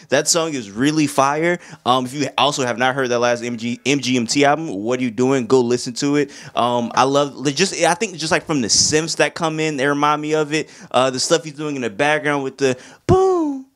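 A man's voice: fairly high pitch, fairly bright tone. A young man giving a casual, slangy album review, laid-back and now and then humming along. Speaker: music reviewer.

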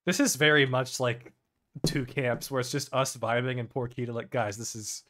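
A man's voice: mid-range voice, steady tone, moderate pace, crowd noise. A man in a casual podcast chat, teasing the others and laughing often.

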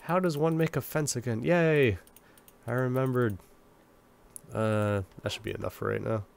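Nasal and sniffly from a cold, this young man narrates his let's play in a gravelly, medium-pitched voice at normal speed. He wanders from thought to thought, mocking himself as he talks to no one but himself.

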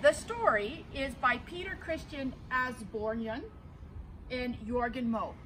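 A woman pastor reading a folk tale aloud with animated, theatrical storytelling. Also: sits high, takes it slowly, a little hiss or hum, poor audio.

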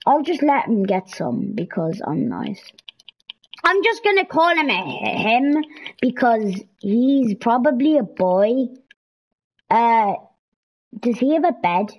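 A young woman chats her way through a video game on a headset mic. Her voice sits a little high and swoops widely as she squeals, pleads and bargains with the characters on screen. Between the outbursts she talks at an easy, drawn-out pace. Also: big pitch swings, a little mellow, low-quality recording. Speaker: gameplay streamer. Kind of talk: casual gaming commentary. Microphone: headset or console mic.

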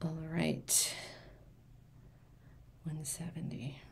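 A woman's voice: deep voice, drawn-out words, creaky, in a whisper. Woman, live-auction host, casual chat, storyteller who acts out quotes, mutters asides. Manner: chatty, acts out quoted people in a lively way. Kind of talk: live shopping stream, chatty.

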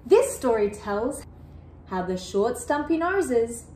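A woman reading a picture book aloud to children, animated and asking the listener questions. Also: on the high side, takes it slowly, reverberant, a little hiss or hum. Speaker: children's storyteller.

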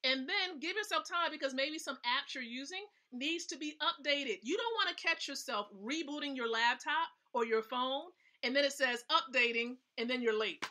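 A woman's voice: sits high, normal speed, few pauses, bright, forceful tone. A woman hosting a casual live stream, giving chatty, emphatic tips and often checking in with her viewers. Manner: chatty, emphatic, asks the audience questions. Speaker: host.

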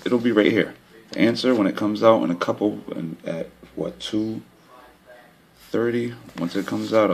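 Low gravelly man vlogging casually. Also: slight background noise. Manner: excited and frustrated, pointing at a chart. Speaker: lottery system vlogger. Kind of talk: casual talk to camera.

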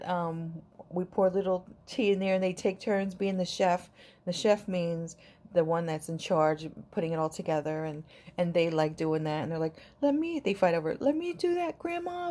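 A woman's voice: on the low side, mellow. A middle-aged woman, a grandmother, chatting casually to camera in a rambling, affectionate way. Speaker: vlogger.

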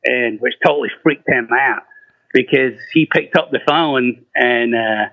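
A man's voice: medium pitch, a little slow, gravelly, no echo. A middle-aged man, a rock singer, telling stories in casual talk, swearing freely and acting out the voices of people he quotes. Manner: profane, laughing, acts out quoted voices. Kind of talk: casual storytelling. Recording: muffled, lo-fi, dry.

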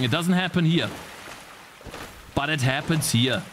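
A man's voice: fairly high pitch, measured pace, fairly bright tone, a little hiss or hum. A man streaming a video game in casual commentary, chatting to his viewers and swearing freely when frustrated. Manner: swears freely, easily frustrated, talks to chat. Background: game music.

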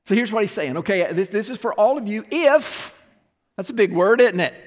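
A man's voice: high voice, lively intonation, normal speed. A man preaching a sermon from the pulpit, explaining and asking the congregation questions. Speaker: pastor. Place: church sanctuary. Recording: long church reverb.

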